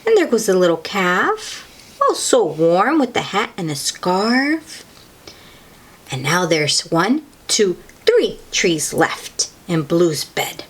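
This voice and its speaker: Storytime reader: young woman, breathy, unhurried, very lively pitch, coaxing small kids along. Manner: gentle, animated, exclaiming to young listeners. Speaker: children's book reader. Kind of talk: read-aloud storytime.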